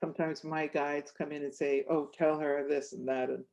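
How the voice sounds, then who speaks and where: Lively woman with dull lo-fi sound. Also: deep voice, moderate pace, vocal fry. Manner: animated, acts out voices in anecdotes, laughs often. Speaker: author and clairvoyant guest. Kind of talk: storytelling interview chat.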